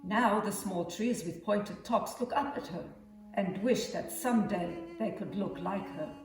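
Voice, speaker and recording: A woman's voice: mid-range voice, measured pace. Woman reading a story from afar. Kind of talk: storybook narration. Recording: echoey room, far from mic, music behind.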